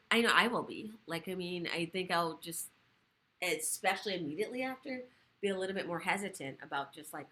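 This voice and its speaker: A woman sexual health educator hosting a casual livestream chat from her living room, talking fast and animated, swearing casually. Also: sits low.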